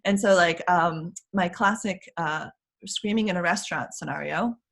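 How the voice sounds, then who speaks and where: A woman's voice: on the low side, moderate pace, vocal fry, fairly bright tone. A woman parent coach explaining strategies in an interview, chatty and laughing often.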